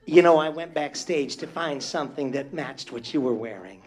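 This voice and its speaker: Slightly high-voiced and speaking at a moderate pace, a male stage performer trades banter with a live audience, teasing and flamboyant, with endless endearments like "darling." Some slight background noise is audible.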